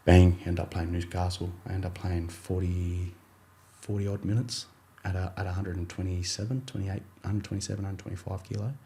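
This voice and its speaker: Deep-voiced Australian footballer telling his story. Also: level tone, fairly quick, dark tone. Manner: rambling, many fillers and restarts, acts out his coach in quotes. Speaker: rugby league player, podcast guest. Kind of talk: casual storytelling interview.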